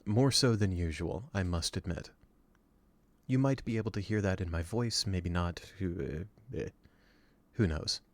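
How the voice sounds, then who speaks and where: A tired man streaming a game, chatting casually in a dry, low-energy way. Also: a little slow.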